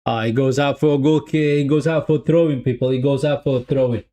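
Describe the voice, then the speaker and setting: A man streaming live football watch-along commentary, chatty, repeating his phrases and calling his viewers "people", swinging between excitement and deflation. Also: mid-range voice, fairly quick.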